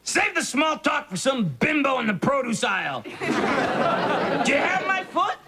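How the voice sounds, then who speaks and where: A caustic stuffed bunny with a very high, bouncing voice. He sneers and mocks in a lively sitcom, with a roaring laugh track and heavy noise behind him. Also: moderate pace, gravelly, a crowd in the background, full character voice. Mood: scornful. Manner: caustic, mocking insults. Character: sarcastic foul-mouthed stuffed bunny, male.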